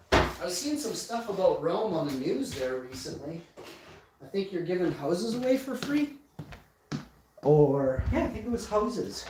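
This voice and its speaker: Hosting a casual livestream, this man has a high voice with a darkish tone as he banters and brags to his chat. The setting is an indoor room lit by a ring light, recorded far from the mic with echo and faint noise.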